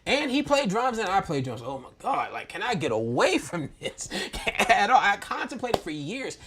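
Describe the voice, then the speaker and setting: Man, 30s, high voice, from Maryland, candid storytelling, animated, slangy, laughing. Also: moderate pace, background noise. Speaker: church podcast host.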